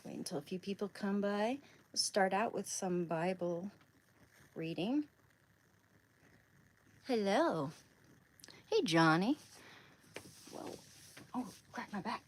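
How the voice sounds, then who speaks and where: A woman's voice: medium pitch, animated, slow pace, pauses often, low-quality recording. A woman from Oregon chatting casually on a livestream, rambling and greeting viewers by name. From Oregon, USA.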